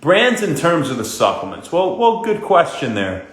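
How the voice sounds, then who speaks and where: A man, hosting a casual wellness livestream, greeting viewers by name and giving fast, upbeat health tips. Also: on the high side, wildly swooping pitch, fairly bright tone. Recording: echoey room.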